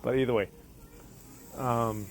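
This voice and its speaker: A man's voice: medium pitch, steady tone, slow pace, background noise. A man casually telling a long personal story outdoors while barbecuing, rambling and correcting himself, with the odd curse word.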